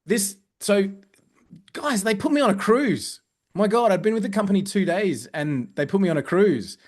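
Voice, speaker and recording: An Australian man, a company growth director, telling casual anecdotes in a lively, chatty way with plenty of fillers and restarts. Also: high-pitched, normal speed.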